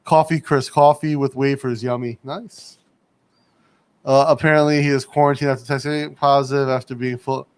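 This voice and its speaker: A man's voice: mid-range voice, little pitch movement, moderate pace, smooth. Chatty man hosting a livestream. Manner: chatty, reads viewer comments aloud. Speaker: livestream host. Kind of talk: casual chat. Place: home studio.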